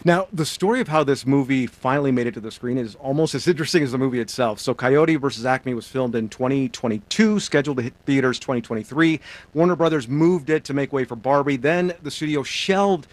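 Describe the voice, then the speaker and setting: A male TV host reading a scripted intro and interviewing a guest, with a lively, playful delivery. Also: mid-range voice, brisk, no echo.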